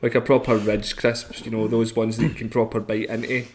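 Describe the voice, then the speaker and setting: A man's voice: fairly low pitch, level tone, a little fast, crowd noise. A Scottish man chatting casually as a podcast co-host, rambling and self-deprecating. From Scotland. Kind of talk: casual chat.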